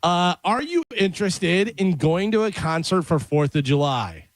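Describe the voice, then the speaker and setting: A man's voice: high voice, big pitch swings, moderate pace, dry recording. Laid-back male radio co-host. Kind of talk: casual radio talk.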